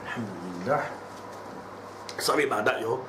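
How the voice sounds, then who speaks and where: A young man chatting casually in a vlog, slangy and excitable, sneezing between lines. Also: a little high, fast talker, roomy sound, heavy background noise. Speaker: YouTuber.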